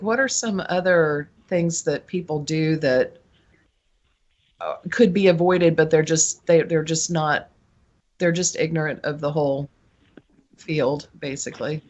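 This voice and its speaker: Woman host asking rambling questions. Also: low voice. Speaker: host, medium. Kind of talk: casual interview talk.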